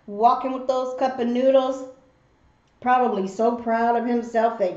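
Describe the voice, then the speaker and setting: On her eating show, this woman, a mother, spins an animated story and performs each character's voice herself. She speaks at a fairly high pitch and a moderate pace. The audio comes from a home setting that sounds roomy and a little dull.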